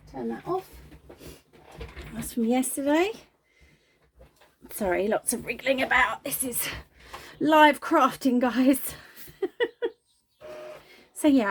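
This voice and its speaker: A woman's voice: fairly high pitch, vocal fry, a little hiss or hum. A woman chatting casually while crafting, self-deprecating and talking as she works. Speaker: craft video host.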